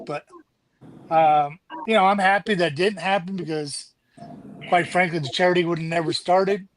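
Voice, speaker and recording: A man's voice: sits high, steady tone, normal speed, a little hiss or hum, low-quality recording. A middle-aged man, a charity founder and Army veteran, talking candidly and swearing now and then as a guest on a casual show. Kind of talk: casual chat.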